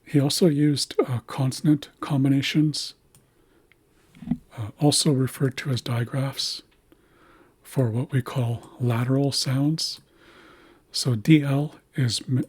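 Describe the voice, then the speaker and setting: A man with a mid-range, darkish, slightly breathy voice teaches a language's writing system, slowly explaining the letters and repeating words to model their pronunciation. The recording is dry.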